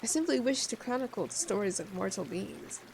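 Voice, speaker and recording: A woman's voice: medium pitch, sing-song, fairly quick, creaky, a little mellow, a little hiss or hum, low-quality recording. A woman voicing an ancient, bored skeleton chronicler who speaks in a lofty, archaic way with bits of slang.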